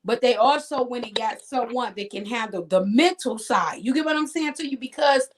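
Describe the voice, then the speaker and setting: Casting: woman co-host, preachy and emphatic, a touch higher voice, light hiss. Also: moderate pace. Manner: emphatic, preachy, checks in with "you get what I'm saying". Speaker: podcast co-host. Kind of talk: casual group chat.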